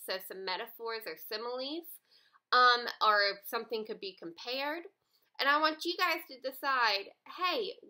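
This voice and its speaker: A woman teacher giving a recorded reading lesson to young students, expressive and fond of dramatic gasps. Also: a little high, low-quality recording.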